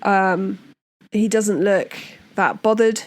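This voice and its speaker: A woman's voice: medium pitch, slow. A woman hosting a true crime podcast, recapping a case in a casual, indignant, opinionated way.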